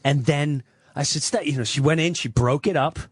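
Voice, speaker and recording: A man's voice: on the high side, moderate pace, breathy edge, no room sound, studio quality. A man telling a long personal story on a talk radio show, acting out what other people said. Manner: animated, acts out quoted voices.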